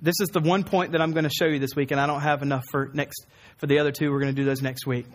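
A man's voice: on the high side, little pitch movement, quick pace. A man preaching a sermon, earnest, repeating key phrases for emphasis. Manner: acts out quoted voices in a raised tone. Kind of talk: sermon teaching.

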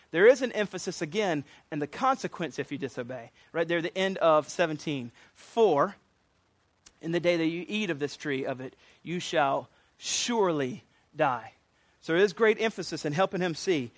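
A man's voice: fairly high pitch, dry recording. A man preaching a sermon in an earnest, emphatic way, with frequent restarts and light asides.

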